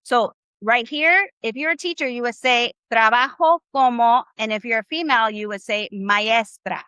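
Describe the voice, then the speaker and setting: A woman's voice: fairly high pitch, moderate pace, bright, forceful tone, clean tone, dry recording, muffled recording. A woman teaching a live online Spanish class. She coaches her audience, keeps asking them questions and drills phrases with them.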